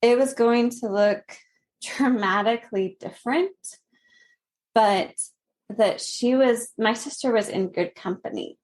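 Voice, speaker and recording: Woman guest in her 30s, slow earnest storytelling with soft laughs. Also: fairly high pitch. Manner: slow, earnest, laughing softly between phrases. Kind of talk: personal story in a podcast interview.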